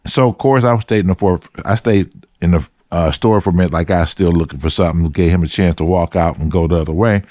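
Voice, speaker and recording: A man's voice: sits low, fast talker, mellow, no echo, clean studio sound. A man hosts his show, telling a story in a loose, profane, slang-heavy way. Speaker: host. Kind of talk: storytelling monologue.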